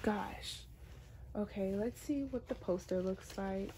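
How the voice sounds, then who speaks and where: A young woman chats through an album unboxing, playful and easily amused, making dramatic complaints. She talks at an unhurried pace in a mid-range voice. Faint clicking and handling noise sits behind her. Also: medium pitch. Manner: chatty and playful, often laughing, with dramatic complaints. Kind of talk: casual unboxing chat.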